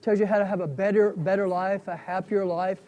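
High-voiced pastor with a mellow tone. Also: male voice, level tone, muffled recording. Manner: conversational, halting, many restarts and fillers. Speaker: pastor teaching a Bible class. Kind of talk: casual Bible study teaching.

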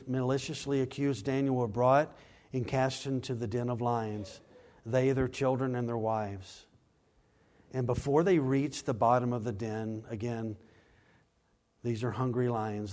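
A man preaching a sermon, dropping to slow, quiet emphasis and climbing to loud, raised scripture reading, with quick acted asides. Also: medium pitch. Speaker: pastor.

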